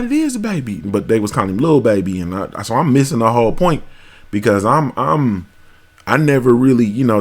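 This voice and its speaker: Profane rambling man hosting a podcast. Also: medium pitch. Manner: profane, rambling, repeats "you feel me". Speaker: podcast host. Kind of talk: casual monologue.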